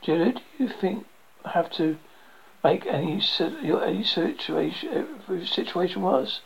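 A tired, level-headed man , as the audiobook reader plays him, talking others down with firm reason. The voice is gravelly and sits at a middling pitch. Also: lively intonation, measured pace, dull audio, exaggerated voice. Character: weary, steady man leading desert survivors.

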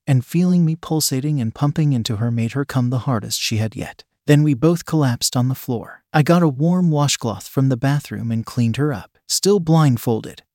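A man's voice: mid-range voice, moderate pace, few pauses, mellow, no room sound. Man narrating an erotic story, dry close sound.

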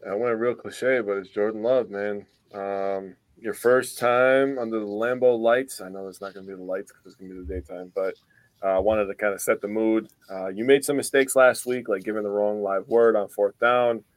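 A man's voice: on the low side, steady tone, moderate pace, no echo. Laid-back joking podcast co-host man. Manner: laid-back, jokey banter. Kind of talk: casual sports podcast chat.

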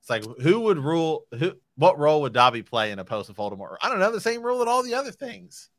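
A man's voice: fairly high pitch, fast talker, dry recording, studio quality. A man co-hosting a podcast, chatting animatedly and reading passages aloud. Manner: animated, reads passages and laughs along. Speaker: podcast co-host. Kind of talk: casual book discussion and reading aloud.

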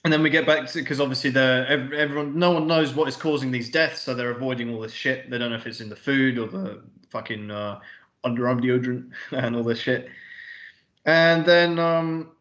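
Speaking briskly in a medium-pitched, slightly bright voice, this podcast co-host casually walks through a movie one scene at a time. He rambles, tosses off paraphrased lines of dialogue, and curses frequently, all captured with a roomy echo.

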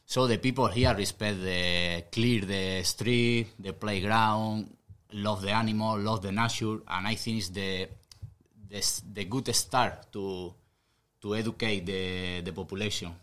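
A man's voice: on the low side, steady tone, unhurried, a bit bright. A man from Spain with a Spanish accent, speaking English as a second language, answering earnestly in a casual interview and searching for words. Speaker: guest footballer.

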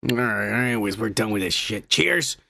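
A man's voice: fairly low pitch, lively intonation, normal speed, creaky, bright, forceful tone, no room sound, clean studio sound. A man co-hosting a podcast, grumbling and swearing in a crude, drunk, casual chat. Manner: profane, grumbling, mock-angry. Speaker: podcast co-host.

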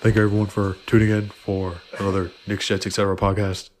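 A man doing a low, drawling impression of a famous basketball star in the style of a classic rock-and-roll singer. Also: level tone, fast talker, a little hiss or hum, natural voice.

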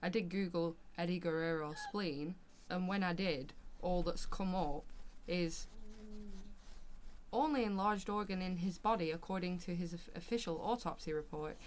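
A woman's voice: lowish voice, moderate pace. A woman, chatting casually with a wry, questioning manner. Faint noise sits behind her voice. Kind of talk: casual chat.

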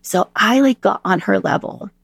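A woman in her thirties, a podcast guest telling stories in a casual, animated way and acting out the dialogue she quotes. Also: mid-range voice, moderate pace, vocal fry, slightly rough. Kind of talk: casual storytelling interview.

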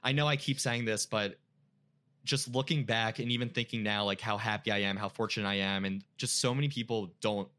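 A man's voice: on the low side, fairly even intonation, fairly quick, fairly bright tone. A young man casually telling an emotional personal story as a guest, with many "like" fillers.

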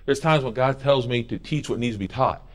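A middle-aged man preaching a sermon as pastor in a church, animated and jokey, with quoted voices and bits of song. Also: medium pitch, a little fast. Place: church sanctuary.

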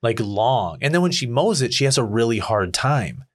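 A man in casual chat telling a profane, irritated story about his neighbor, acting out his rants in a much higher voice. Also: sing-song, moderate pace.

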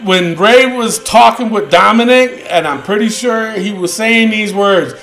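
A man hosting a wrestling podcast, talking loud and ranting with lots of swearing. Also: high-pitched, measured pace, hardly any pauses, faint music behind, low-quality recording. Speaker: podcast host. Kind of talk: casual wrestling podcast chat.

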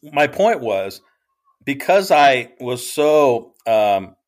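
A man's voice: medium pitch, big pitch swings, very slow. Rambling, hesitant man podcast co-host. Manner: rambling, hesitant, full of ums. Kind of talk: casual chat recap.

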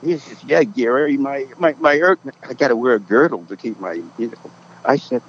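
A man's voice: medium pitch, a little fast, a little hiss or hum. An older man from Massachusetts telling anecdotes as a podcast guest, acting out the people in his stories. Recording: dull lo-fi sound.

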